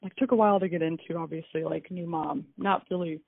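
Speaking quickly in a gravelly voice, a woman, a wife and mother, recounts events as interview testimony, acting out conversations with lively pitch swings. There's no echo, though the sound is tinny like a phone line, with faint music.

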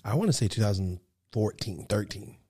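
A man's voice: fairly low pitch, expressive, normal speed, dark tone, breathy edge. A man hosting a podcast, reacting briefly and asking short questions in casual conversation. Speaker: podcast host.

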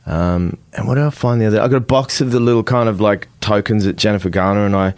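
Australian guy being interviewed, really low voice, dry close sound, jokey and self-mocking. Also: quick pace, a little mellow, dry recording. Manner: wry, joking, self-mocking. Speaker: guest actor. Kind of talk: casual interview chat.

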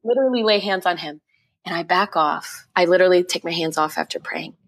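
Woman with a lower voice giving a heartfelt testimony. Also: fairly bright tone. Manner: emotional, quick retelling with repeated phrases. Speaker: podcast guest. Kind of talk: personal testimony in an interview.

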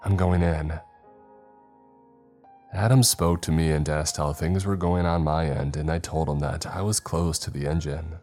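A man narrating a first-person horror story in a tense, measured way. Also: very deep voice, fairly even intonation, darkish tone, faint music behind.

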